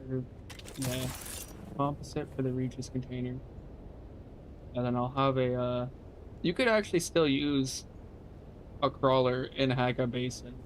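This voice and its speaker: A man's voice: medium pitch, a little slow, pauses often, a little hiss or hum. A young man casually chatting to his viewers during a live game stream, loose and profane, answering chat questions. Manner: laid-back, swears casually, talks to chat.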